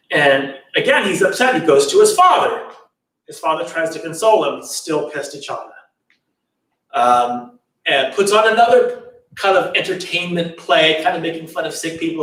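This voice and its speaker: A man's voice: a little high, very animated, moderate pace, fairly bright tone, far from the mic. A man telling a spiritual story in a loose, chatty way, in a temple hall.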